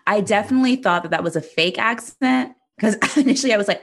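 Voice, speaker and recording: A woman's voice: medium pitch, animated, quick pace, hardly any pauses, a bit bright, husky. A woman co-hosting a casual movie podcast, making sarcastic, crude jokes and laughing often. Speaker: podcast co-host. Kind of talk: casual movie-recap chat.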